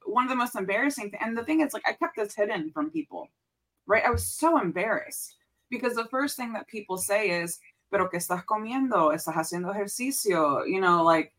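A woman's voice: fairly high pitch, brisk. A woman in her thirties, a podcast guest, talking candidly in casual conversation and mixing in Spanish phrases. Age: 30s. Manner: candid, animated storytelling with frequent fillers and Spanish phrases.

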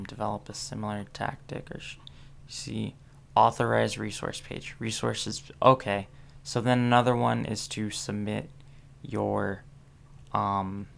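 A man's voice: fairly low pitch, fairly bright tone. A sleepy young man reading aloud and commenting casually, skimming with many ums and asides. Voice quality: gravelly fry. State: sleepy, yawning. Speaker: solo vlogger reading about link building.

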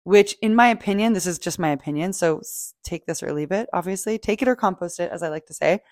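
A woman hosting a podcast, talking in a casual, animated motivational monologue, swearing freely and acting out feelings. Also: lowish voice, fast, dry recording, clean studio sound. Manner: animated, swearing, playful, acts out quoted feelings. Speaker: podcast host.

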